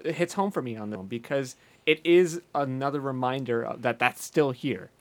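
A man hosts a casual movie podcast, walking friends through the plot. His voice sits in a middle register, and he talks in animated bursts with the odd casual swear. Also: medium pitch, moderate pace. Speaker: podcast host.

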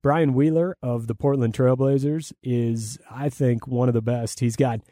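A play-by-play broadcaster with a deep, mellow voice gives conversational interview answers, talking shop enthusiastically but circling back with fillers and restarts. His intonation is fairly even and his pace a little slow. The recording is dry and close, with no room or echo.

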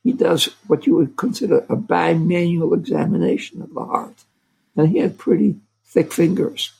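Gravelly older man telling a story. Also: a little high, lively intonation, warm tone, rough recording. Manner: halting, full of restarts and fillers. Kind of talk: casual storytelling.

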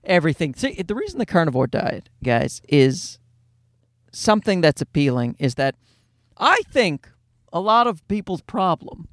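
A man's voice: fairly high pitch, very animated, moderate pace, a bit bright, no room sound, clean studio sound. A man, a father, casually telling a rambling, self-mocking anecdote in a jokey monologue.

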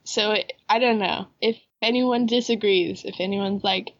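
A woman's voice: medium pitch, fairly even intonation, normal speed, highs cut off. A woman co-hosting a podcast in casual chat, upbeat and eager, with a head cold that makes her voice nasal. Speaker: podcast co-host.

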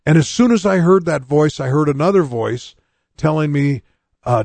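A man's voice: on the high side, animated, normal speed, vocal fry, a little mellow, no echo. A man in his sixties preaching, telling his own conversion story in a plain, earnest way and speaking straight to his listeners. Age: 60s. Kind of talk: personal testimony sermon.

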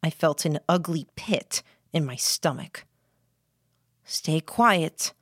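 Woman, audiobook narrator, low voice, steady reflective reading, dry close sound. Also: measured pace, breathy edge, dry recording. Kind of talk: first-person scripted narration.

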